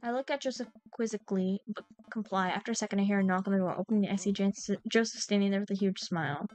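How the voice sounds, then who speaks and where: A woman's voice: mid-range voice, quick pace, hardly any pauses, darkish tone, soft background music. Giggly, scattered young woman streamer. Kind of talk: casual game stream, reading dialogue aloud.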